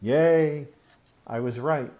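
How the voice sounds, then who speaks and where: A man's voice: a little high, extremely slow, mellow, slight background noise. A man from Pennsylvania hosting a casual unboxing vlog, talking loosely with lots of swearing and rambling asides. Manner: scolds his pet mid-talk. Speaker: tattoo channel host.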